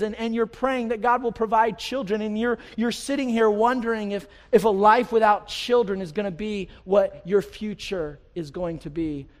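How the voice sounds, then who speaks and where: High-voiced preaching man in a big hall. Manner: impassioned, rising and falling preaching with repeated phrases and restarts. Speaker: pastor. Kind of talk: sermon. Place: large church hall. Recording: live hall reverb.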